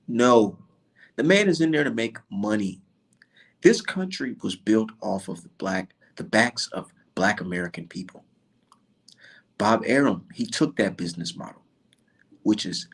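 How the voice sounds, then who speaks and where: Ranting husky man, voice swinging wildly. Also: on the low side, a little slow, long pauses. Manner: animated, profane, sarcastic, rhetorical questions. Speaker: commentator. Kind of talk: heated rant to camera.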